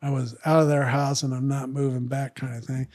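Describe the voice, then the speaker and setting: An older man telling a long, rambling story as a podcast guest, jumping into the voices of the people in it and trailing off quietly at the ends of asides. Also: medium pitch, level tone, a little fast. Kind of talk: casual storytelling.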